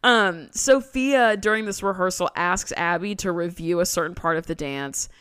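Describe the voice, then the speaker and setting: A woman's voice: on the low side, moderate pace, a bit bright, clean tone, dry recording, clean studio sound. A woman co-hosting a podcast, recapping a TV episode in casual chat with sarcastic, slangy asides. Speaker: podcast co-host.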